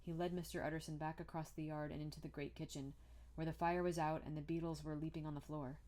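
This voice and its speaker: A woman's voice: deep voice, level tone, quick pace, mellow. A woman reading a classic novel aloud in a plain amateur style, now and then restarting a word. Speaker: audiobook reader.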